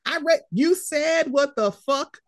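A woman's voice: high-pitched, takes it slowly, dry recording, studio quality. A woman co-hosting a casual sports chat podcast, blunt and profane, often mimicking the people she talks about. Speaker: podcast co-host.

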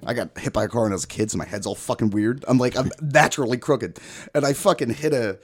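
A man's voice: mid-range voice, fast talker, husky. A young adult man in casual crude chat, a profane, rambling storyteller who laughs often. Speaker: podcast guest, former mail carrier.

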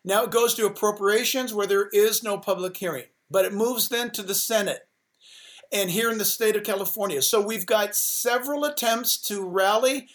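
A man's voice: high-pitched, a bit bright. A man who is a pastor, talking with sermon-like passion and driving, repeated phrases. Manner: emphatic, rapid-fire repetition. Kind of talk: impassioned sermon-like talk.

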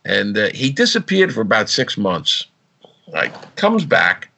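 A man's voice: on the low side, unhurried, gravelly, breathy edge. A man telling police stories in a casual chat, acting out the voices of the people he describes. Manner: animated storyteller, acts out quotes.

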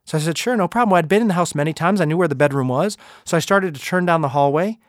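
A man hosting a podcast, telling anecdotes in a lively, animated way before moving into his sign-off. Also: a little high, fast talker, no room sound, studio quality. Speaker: podcast host. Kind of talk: anecdotal storytelling talk.

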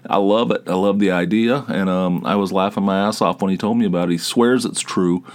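A man's voice: sits low, steady tone, brisk. A middle-aged man hosting his own podcast, talking in a digressive, self-deprecating solo ramble that is full of restarts and repeated words. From northeastern Pennsylvania. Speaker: podcast host.

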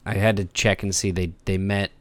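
Easygoing low-voiced podcast host. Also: male voice, little pitch movement, moderate pace. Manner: easygoing, laughs often. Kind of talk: casual sports chat.

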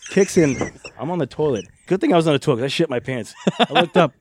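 Fast-talking guy spinning funny locker-room stories. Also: fairly high pitch, a little hiss or hum. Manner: animated anecdotes with laughs. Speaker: guest, former wrestler. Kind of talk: podcast storytelling.

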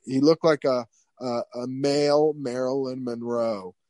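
A middle-aged man, a hairstylist, telling stories in an interview with lots of restarts and animated asides. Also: medium pitch, measured pace, no room sound. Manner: rambling, animated, many restarts. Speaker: guest, hairstylist. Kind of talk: casual interview storytelling.

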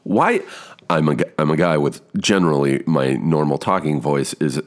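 A man in his fifties with a rich baritone voice, rambling casually as a podcast host, swearing and poking fun at himself. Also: animated, moderate pace. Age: 50s. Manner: rambling, swearing, self-deprecating. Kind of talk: casual monologue.

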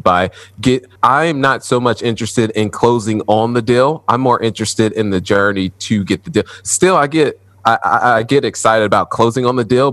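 Low-voiced man, dry sound. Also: a bit bright, dry recording. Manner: laughs easily, talks through his process step by step. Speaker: guest, apartment investor. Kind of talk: casual interview.

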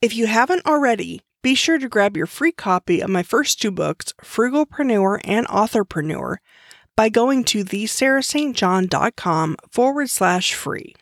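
A woman hosting a podcast at mid pitch, recorded dry and close with no room sound. She reads promos and guest introductions from a script and spells out web addresses slowly. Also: expressive, no room sound. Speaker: podcast host.

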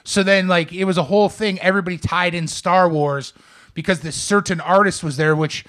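A podcast co-host with a high, steady, fairly bright voice speaks fairly quickly. He tells a long, rambling story on a casual podcast, filled with "like" and acted-out quotes.

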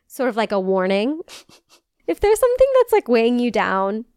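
A woman's voice: on the high side, wildly swooping pitch, moderate pace, darkish tone, smooth, no echo, clean studio sound. A young woman co-hosting a podcast, chatting casually, laughing often and saying "like" a lot. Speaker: podcast co-host. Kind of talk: casual chat.

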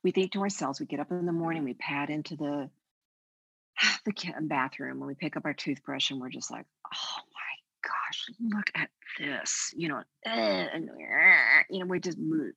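An older woman guest speaking on a faith podcast, telling stories in an animated, expressive way. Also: low-pitched, fairly quick, gravelly, breathy edge, dry recording, poor audio. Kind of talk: conversational podcast interview.

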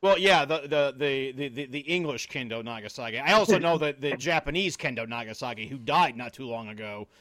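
A man's voice: medium pitch, fairly quick, few pauses, fairly bright tone, dry recording. A man co-hosting a podcast, chatting casually and reacting to stories with dry teasing remarks. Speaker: podcast co-host. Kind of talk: casual chat.

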